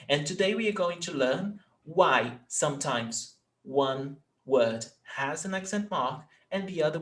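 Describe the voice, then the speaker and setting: A man is teaching a lesson at an unhurried pace. His voice sits a little high, and he repeats words patiently while checking that the student is following. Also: fairly bright tone. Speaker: Portuguese teacher. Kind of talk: online language lesson.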